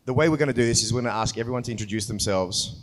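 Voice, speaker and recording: A man moderating a live convention panel on stage, excitable and rambling with lots of fillers. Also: mid-range voice, rapid-fire. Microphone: handheld mic. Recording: reverberant hall with crowd noise.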